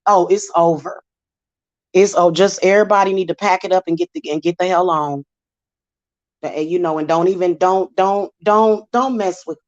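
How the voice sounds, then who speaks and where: Sassy woman host, low-pitched, chatty, muffled lo-fi sound. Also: a little mellow. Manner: chatty, sassy, repetitive fillers. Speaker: spiritual channel host. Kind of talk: casual monologue. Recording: dull lo-fi sound.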